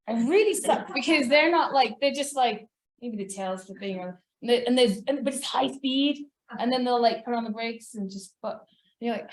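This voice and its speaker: A woman's voice: a little high, normal speed. Chatty woman giving a talk. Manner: chatty, animated, laughs often. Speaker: conference presenter. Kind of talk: conference talk.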